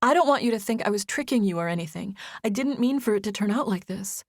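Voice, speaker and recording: Woman narrator doing nervous tearful young woman, breathy, rushed apologies, raised pitch, dry close sound. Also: expressive, dry recording. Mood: tearful confession. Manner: breathy and apologetic, words tumbling out. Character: tired, nervous young woman on the verge of tears. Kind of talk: audiobook character voice.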